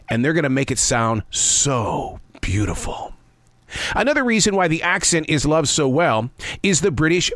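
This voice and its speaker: A man in his sixties hosts a scripted commentary monologue, playful and expressive. His voice sits a little high for a man and swings widely in pitch. The sound is dry and close, with no room echo. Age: 60s. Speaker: host. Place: South of the United States.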